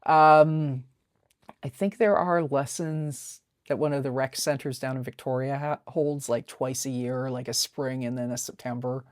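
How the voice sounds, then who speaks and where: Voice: medium pitch, fairly even intonation, measured pace, no room sound, clean studio sound. Chatty, rambling webcomic artist. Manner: rambling, filler-heavy, chatty. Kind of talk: casual narrated sketchbook tour.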